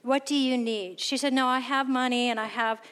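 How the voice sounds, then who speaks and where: Woman speaker, high and bright, telling a self-deprecating faith story with animated character voices. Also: normal speed, clear, resonant tone. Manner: animated, acts out quoted voices. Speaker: speaker sharing faith testimony. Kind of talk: storytelling testimony talk.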